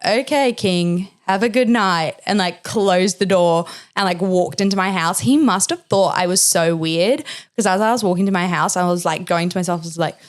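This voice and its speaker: A woman in her thirties hosts a podcast and tells a candid story in a slightly low voice. She is chatty and fills her talk with fillers, often acting out what people said. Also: fairly quick. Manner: chatty, filler-heavy, expressive quoting. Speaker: podcast host.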